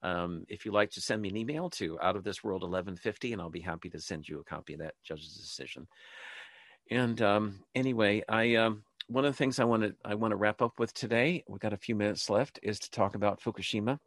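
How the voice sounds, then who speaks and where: A man's voice: fairly low pitch, a little fast, fairly bright tone, no room sound. A man hosting a spoken show, talking in a rambling way with many ums and restarts, and leading listeners in a short prayer. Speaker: host. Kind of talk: casual spoken talk show monologue.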